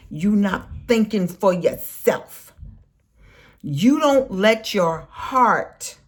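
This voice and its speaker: Slow, animated woman ranting at politicians. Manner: scolding, preachy, lively pitch swings. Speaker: political commentary vlogger. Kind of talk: impassioned political rant.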